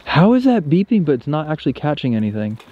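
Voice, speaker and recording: A man hosting a paranormal investigation, talking excitedly and insistently outdoors at night and often repeating himself. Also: fairly high pitch, quick pace, narrow, tinny audio, slight background noise. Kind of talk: excited on-location commentary.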